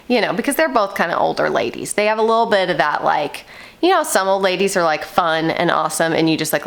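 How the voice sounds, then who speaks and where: A woman in her thirties chatting casually to the camera at home, rambling with lots of fillers, her voice a little hoarse and nasal from a coming cold. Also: fairly low pitch. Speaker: vlogger, mother of eight. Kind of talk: casual vlog chat. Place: at home indoors.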